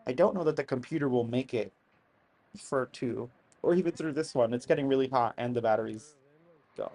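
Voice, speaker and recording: Live-stream host, casual reaction commentary, mid-pitched voice, excitable with sudden loud outbursts, chatty asides to the chat. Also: a little fast. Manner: excitable, bursts into loud exclamations; chatty, apologetic asides to viewers.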